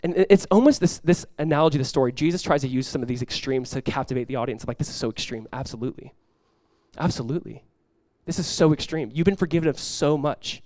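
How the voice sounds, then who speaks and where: A male pastor preaching a sermon, acting out the people in his Bible stories and swinging between loud emphasis and hushed lines. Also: on the high side, fast talker, no room sound.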